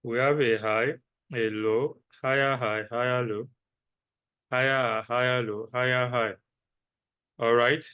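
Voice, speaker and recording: Male trading teacher, slow and deliberate, bright voice, asks and answers his own questions. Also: medium pitch, fairly even intonation, clear, resonant tone, muffled recording. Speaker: trading instructor. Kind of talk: lecture with repetition.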